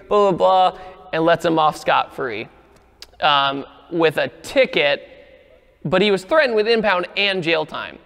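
A man telling a car story in a casual, animated way, acting out the quoted lines. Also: gravelly, in a large hall. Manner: animated, acts out quoted lines with rising pitch.

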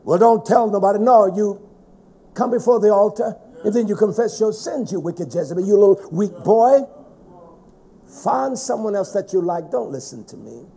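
Fiery high-voiced male preacher. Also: lively intonation, normal speed, vocal fry, slight background noise. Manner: swings between shouting and hushed low tones. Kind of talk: fiery sermon.

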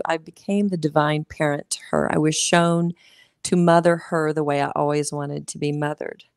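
Woman life coach, earnest and encouraging, slight vocal fry, dry sound. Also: sits low, darkish tone, no room sound. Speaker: guest coach. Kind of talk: casual interview chat.

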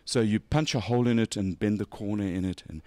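A man's voice: on the low side, fast, mellow, no echo. A man hosting a motorsport show, chatting casually and joking as he gushes over a race car's details. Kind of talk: casual walkaround chat.

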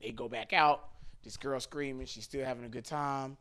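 A man hosting a podcast, telling a crude comic story in an animated, laughing way, full of slang. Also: medium pitch, moderate pace, clean tone. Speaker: podcast host.

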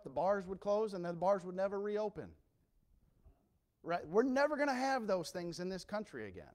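A man preaches a sermon to his congregation. He swings from low, hushed lines to loud, ringing cries. His delivery is passionate and earnest. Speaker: pastor.

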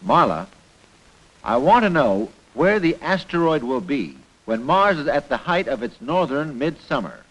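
An actor voicing a gruff, commanding male colonel who heads a space organization in a 1960s cartoon, giving brusque orders. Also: fairly high pitch, sing-song, a little slow, rough recording.

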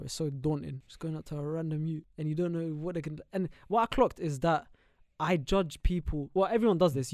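A man's voice: on the high side, a little mellow, no room sound, clean studio sound. A young man, chatting casually as a podcast co-host, rambling and laughing with plenty of slang. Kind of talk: casual chat.

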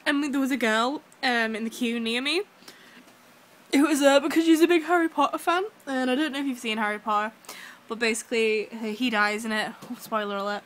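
A young woman, gushing excitedly to camera in a casual vlog, full of fillers. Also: a little high. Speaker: vlogger.

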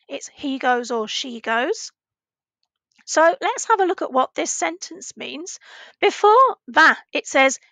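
A woman teaching a recorded language lesson to children, patiently asking questions and pausing for answers. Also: sits high, bright, forceful tone, no room sound. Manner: slow, patient, asks questions and pauses for answers.

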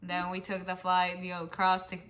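A young woman from Mexico chatting in a casual band vlog, sometimes pausing to search for words. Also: fairly low pitch, completely flat delivery, fairly bright tone. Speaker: band member vlogging. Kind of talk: casual group chat.

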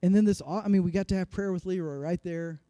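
Man, forties, pastor, sermon, very high voice, dry close sound, animated self-mocking storytelling. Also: a little fast, no room sound. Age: 40s.

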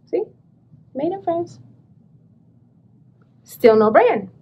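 Chatty high-voiced woman vlogger. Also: extremely slow, muffled recording. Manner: chatty, animated storytelling with excited bursts. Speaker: thrift reseller vlogger. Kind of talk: casual vlog, showing thrift finds.

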